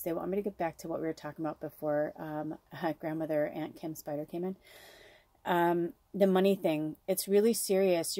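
A woman's voice: fairly low pitch, warm tone, no room sound. A woman working as a psychic medium gives a casual spiritual card reading to her viewers. She rambles in a heartfelt way, filling her talk with "like" and "you know" and swearing now and then.

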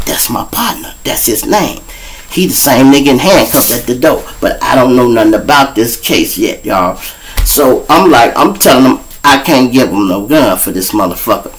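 A man with a Chicago accent tells rambling street stories on his own show. He is casual and profane, and his voice jumps high whenever he plays other people in the story. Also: expressive, normal speed, rough recording. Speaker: host telling street stories.

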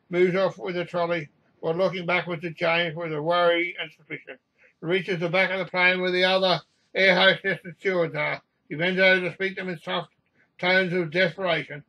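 A man's voice: on the high side, sharp tone, low-quality recording. A man reading the narration of a comedy script.

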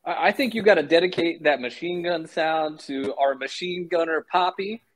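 A man's voice: a little high, moderate pace. A man chatting on a podcast as a guest, joking around with mock-boastful banter. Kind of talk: casual podcast chat.

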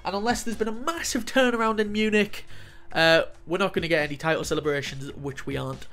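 A young man doing excitable, jokey let's play commentary while he plays a football game, swearing often. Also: sits high, fast talker. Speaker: gaming YouTuber.

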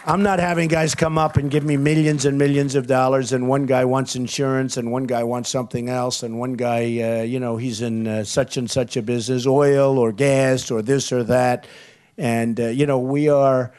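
A man's voice: mid-range voice, little pitch movement, moderate pace, darkish tone. A man speaking as a political candidate at a campaign event, repeating lines and leaning on superlatives. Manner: repetitive, boastful superlatives. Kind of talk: campaign rally speech.

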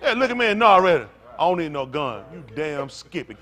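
Older preacher guy ranting hard, high voice, jumps all over the place, cussing, loud then muttering. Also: a little fast. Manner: profane, animated, swings from loud outbursts to low mutters. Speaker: pastor. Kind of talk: fiery preaching rant.

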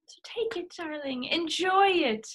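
A woman's voice: very high-pitched, animated, measured pace, a bit bright, voice pushed up, heavily acted. A woman in an improvised comedy scene playing a scandalous, flirtatious grandmother, with a theatrical manner and swooping delivery. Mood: reminiscing. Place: home video call.

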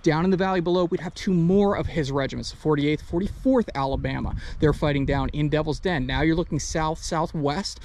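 A man explaining history in a measured, matter-of-fact way during an outdoor walking tour on a hillside, recorded on a body-worn action camera. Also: on the high side, vocal fry, a little mellow, slight background noise. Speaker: battlefield tour guide.

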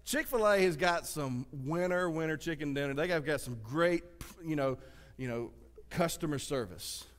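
A man with a Southern US accent preaching a sermon as pastor, swinging from loud exclamations to hushed asides. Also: on the high side, moderate pace. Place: church sanctuary. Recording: reverberant church sanctuary.

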